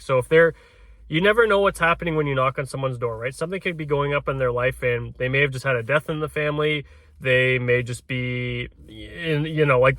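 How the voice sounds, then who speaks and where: A man's mid-range voice, a bit bright, is captured in a dry recording. Working as a realtor, he coaches door knocking in a casual way, frequently restarting and sprinkling in a tag "right?"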